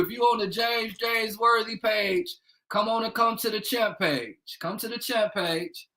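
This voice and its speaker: Man from Indiana, livestream host, loose rambling talk, swears, slightly higher voice, home bedroom. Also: measured pace, sharp tone, low-quality recording. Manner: loose, rambling and swearing, greets viewers by name. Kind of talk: casual live-stream chat.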